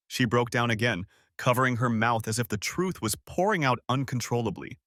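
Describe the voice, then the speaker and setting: A man narrating a dramatic story in a scripted, expressive reading. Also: medium pitch, fairly quick, hardly any pauses, no echo, clean studio sound.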